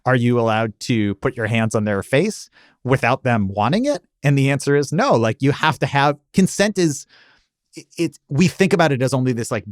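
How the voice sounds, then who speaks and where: A man's voice: medium pitch, dry recording, clean studio sound. An American man hosting a podcast, chatty and self-deprecating, often restarting his sentences. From United States. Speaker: podcast host. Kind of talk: conversational podcast interview.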